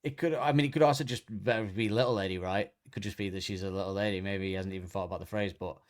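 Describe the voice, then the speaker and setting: A man's voice: on the low side, fairly even intonation, fast talker. A man co-hosting a podcast, chatting casually and rambling, often restarting sentences and searching for words. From Britain. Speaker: podcast co-host. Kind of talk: casual chat.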